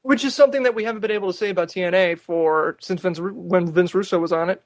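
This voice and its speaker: A man's voice: high-pitched, fast, no echo, studio quality. A man hosting a casual podcast, wisecracking and cutting in with one-liners. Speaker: podcast host. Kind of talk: casual chat.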